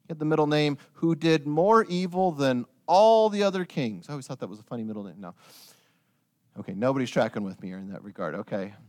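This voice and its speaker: A man preaching a sermon, retelling a story with lively storytelling and joking asides to his listeners. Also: fairly high pitch, a little fast.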